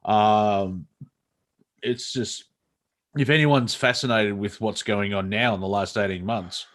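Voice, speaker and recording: A man's voice: fairly low pitch, fairly even intonation, slow pace, a bit bright. A middle-aged Australian man co-hosting a casual comedy chat, rambling with many fillers and restarts. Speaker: comedy show co-host.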